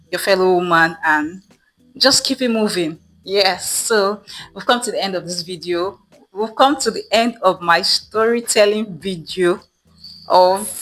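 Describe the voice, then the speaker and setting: A woman's voice: lowish voice, a bit bright, rough recording. A young woman telling a storytime vlog, chatty with many fillers, acting out what people said. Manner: chatty, many fillers, acts out quoted dialogue. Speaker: vlogger.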